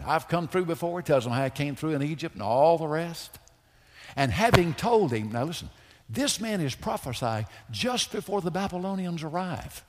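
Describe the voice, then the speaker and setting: A man preaching in a church sanctuary, his voice leaping between ringing calls and near-murmurs. The tone is husky and the melody very lively. A long reverb trails each phrase through the big hall. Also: a little high. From United States. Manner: impassioned, swinging between loud pleas and hushed lines. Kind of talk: sermon.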